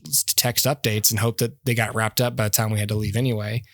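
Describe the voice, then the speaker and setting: A man's voice: on the low side, level tone, fast, dry recording, studio quality. A man, a podcast co-host, in casual chat, rambling through a story with restarts and frequent laughter.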